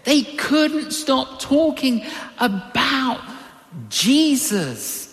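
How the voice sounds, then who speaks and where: Animated older preacher in an echoing hall. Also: high voice, very slow. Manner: animated, acts out quoted voices. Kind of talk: sermon with personal storytelling. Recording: long reverberant hall.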